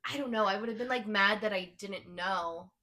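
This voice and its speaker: A woman's voice: mid-range voice, moderate pace, sharp tone. A young woman co-hosting a book podcast, casually and animatedly retelling scenes. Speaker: podcast co-host.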